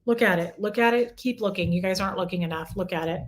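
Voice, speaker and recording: A woman's voice: medium pitch, fast talker. A middle-aged woman hosting a casual livestream, chatting and answering viewer comments by name. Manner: coos baby talk at her small dog.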